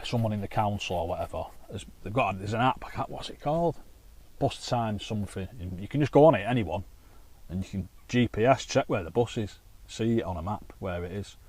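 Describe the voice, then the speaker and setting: The man, a carp-fishing vlogger, chats casually to camera outdoors at a lake, spinning anecdotes with plenty of swearing. His voice is on the low side and a little mellow, and the recording is dry.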